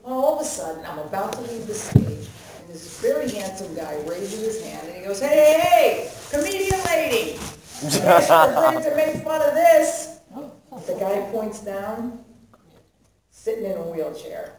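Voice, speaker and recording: Female stand-up comic, brash and punchy, slow, deliberate setups, recorded from afar in a noisy, echoey club. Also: medium pitch, very animated. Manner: brash, punchy delivery, acting out insults in a raised voice. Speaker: stand-up comedian. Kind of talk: stand-up comedy set. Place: comedy club stage. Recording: distant, echoey live club recording with loud crowd and noise. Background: audience laughter.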